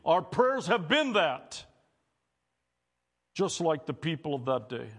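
A male pastor preaches a sermon in church, speaking straight to the congregation and questioning them in a call-and-response style. His voice is a little high and fairly bright, with big swings in pitch and a slow delivery.

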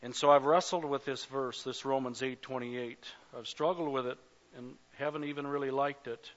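A pastor preaching a sermon at a church service, passionate, swelling to loud cries and speaking straight to the congregation. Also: male voice, mid-range voice, steady tone, moderate pace. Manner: addresses the congregation directly. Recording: dull lo-fi recording.

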